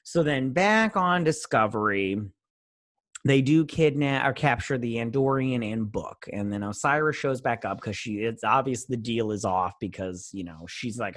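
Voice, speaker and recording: A young male show host recaps and reviews an episode in a rambling, dismissive way, paraphrasing scenes with "he's all like." His medium-pitched, fairly bright voice moves at a moderate pace, recorded in studio quality with no echo.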